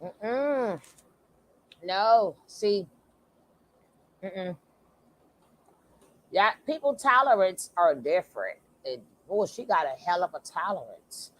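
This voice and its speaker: A woman hosting a reaction channel, talking loudly and animatedly in casual commentary, laughing and repeating her phrases. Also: mid-range voice, lively intonation, slow, pauses often.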